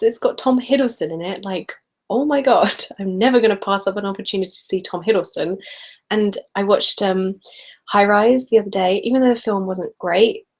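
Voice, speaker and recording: Woman, late twenties, live-stream host, casual chat, giggly, reads out viewer comments, mid pitch. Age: late 20s. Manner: chatty and giggly, often laughing mid-sentence. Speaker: ASMR channel host.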